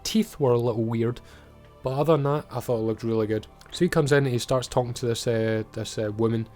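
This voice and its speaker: A Scottish TV reviewer gives a laid-back recap of an episode, blunt, chatty, and cursing freely. His voice is medium-pitched, fairly even, a bit quick and mellow, with soft music playing underneath.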